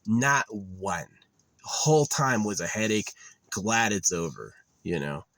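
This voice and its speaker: A man's voice: fairly low pitch, lively intonation, a little slow, a bit bright, no room sound. A young man vlogging in a rambling, digressive monologue that drifts into rants, full of fillers.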